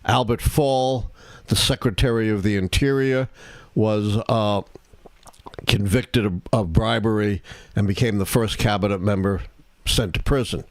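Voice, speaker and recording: An older man who hosts a live political talk stream, explaining history in a deliberate, measured way. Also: fairly low pitch, dry recording. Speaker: historian and show host.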